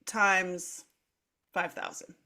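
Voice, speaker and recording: A woman's voice: lowish voice, very slow, bright, forceful tone. A middle-aged woman hosting a candid conversation, telling a personal story animatedly with many "like" fillers, acting out her own quoted lines and laughing between phrases. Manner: frequent "like" fillers and restarts, laughs through speech. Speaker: podcast host.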